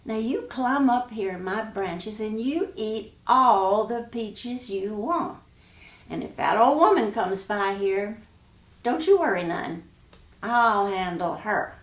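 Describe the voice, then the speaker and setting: A woman voicing a kindly, grateful old peach tree in a storybook tale, with a high, eager, folksy drawl. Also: lively intonation, slow. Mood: pleading. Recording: roomy echo.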